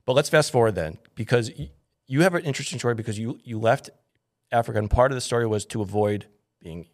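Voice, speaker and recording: A man's voice: mid-range voice, fast talker. A man hosting a casual interview, teasing his guest and cutting in often. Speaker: podcast host.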